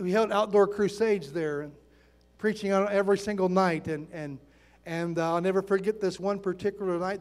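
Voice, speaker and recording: A man in his sixties preaching a sermon, telling stories with lively acted-out quotes. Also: high voice. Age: 60s. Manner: animated storytelling, acts out quotes. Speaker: pastor. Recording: long reverb in a large hall.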